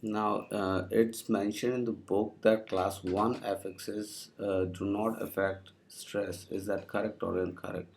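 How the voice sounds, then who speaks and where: A man with a low, gravelly voice questions his course material at an unhurried pace. His delivery is flat and hesitant, with filler sounds between his words. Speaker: student asking about course material. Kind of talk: casual spoken question.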